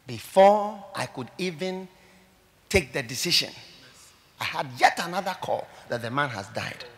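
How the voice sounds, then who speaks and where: A man with a Ghanaian accent, a pastor preaching a sermon and telling stories with animation, moving between loud exclamations and quiet asides. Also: fairly high pitch, animated, a little slow. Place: church service hall.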